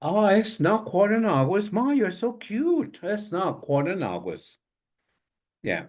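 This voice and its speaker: An older man teaching a language class over a video call, saying each word slowly several times and spelling it out letter by letter. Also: high-pitched, very animated, a little mellow. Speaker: language instructor. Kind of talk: online language lesson.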